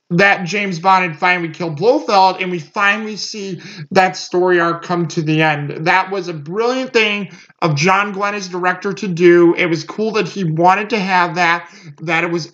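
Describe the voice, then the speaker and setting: A man's voice: high voice, normal speed, a bit bright. A man giving a casual movie review, rambling with lots of fillers and restarts. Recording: muffled lo-fi recording.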